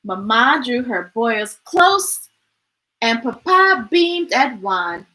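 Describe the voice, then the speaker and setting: A woman reading a children's picture book aloud in an expressive, sing-song narration style. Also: on the high side, slow, poor audio. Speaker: storytime reader. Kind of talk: children's story read-aloud.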